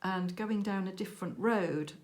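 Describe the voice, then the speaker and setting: Woman, crafting vlog host, casual storyteller with animated quoted dialogue. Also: medium pitch, moderate pace. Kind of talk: casual chat while crafting.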